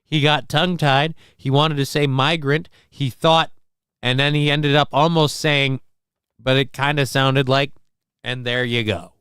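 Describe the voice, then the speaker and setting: A man's voice: medium pitch, steady tone, measured pace, a bit bright, smooth, no echo, studio quality. A man hosting a casual livestream, rambling crudely, reacting to clips and reading chat aloud while feeling sick. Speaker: livestream host.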